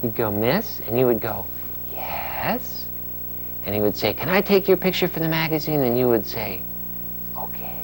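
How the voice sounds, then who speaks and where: Playful hushed photographer coaxing a child. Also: male voice, mid-range voice, big pitch swings, normal speed, a little hiss or hum, low-quality recording. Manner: playful, hushed coaxing with sing-song humming.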